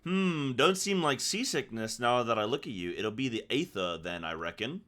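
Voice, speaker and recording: A man's voice: mid-range voice, expressive, moderate pace, a bit bright, lightly acted. A man voicing a chatty male merchant on a ship, reading game dialogue aloud in his own voice. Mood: friendly.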